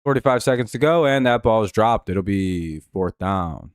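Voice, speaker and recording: A man's voice: on the low side, animated, a little slow, clear, resonant tone, no echo. A man hosting a live stream, giving laid-back, dry play-by-play and chatting with viewers. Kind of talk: casual game-watching commentary.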